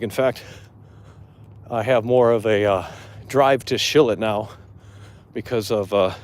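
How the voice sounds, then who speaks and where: A man's voice: lowish voice, normal speed, pauses often. A man hosting a live gaming show outdoors, talking bluntly and profanely in a casual rant.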